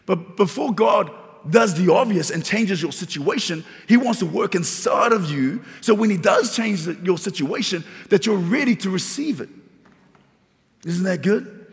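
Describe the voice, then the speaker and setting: High, gravelly-voiced preacher in echoing hall. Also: male voice, animated, normal speed. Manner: preaching with rising emphasis and repeated phrases. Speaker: pastor. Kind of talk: sermon. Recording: long reverb of a large hall.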